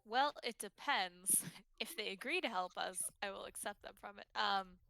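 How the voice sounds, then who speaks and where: A woman's voice: medium pitch, normal speed, gravelly, sharp tone, no echo. A woman playing a tabletop game, thinking aloud hesitantly with many fillers. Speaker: player.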